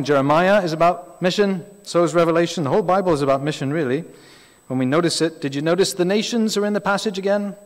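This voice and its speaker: Give me a man preaching in a relaxed, conversational way, with a long hall echo behind him. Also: medium pitch. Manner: chatty, asides and questions to the congregation. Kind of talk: sermon. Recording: reverberant hall.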